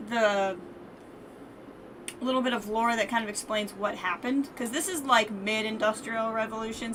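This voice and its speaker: A woman streaming a game, thinking aloud in a chatty, self-correcting way. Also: medium pitch. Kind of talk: casual let's-play commentary. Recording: distant mic with background noise.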